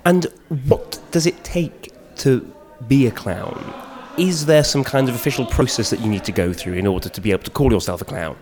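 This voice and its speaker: A man reporting for radio, narrating a scripted report and interviewing people. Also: mid-range voice. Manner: measured, scripted delivery.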